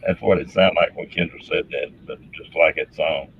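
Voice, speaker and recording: A hoarse man telling folksy stories in a casual chat, on a dull lo-fi recording. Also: rumbling low, fairly even intonation, moderate pace, a little hiss or hum. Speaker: show regular. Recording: dull lo-fi sound.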